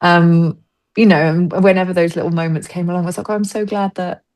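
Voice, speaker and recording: A woman's voice: lowish voice, fairly quick. A woman, a stage actress, chatting as a podcast guest and acting out other people's words as she tells stories. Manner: animated storyteller, acts out quoted voices. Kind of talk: casual interview chat.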